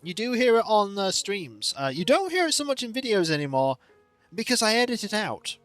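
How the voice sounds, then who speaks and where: A man streaming a game and chatting casually in a rambling, animated way. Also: sits high, brisk, soft background music. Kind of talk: casual chat while gaming.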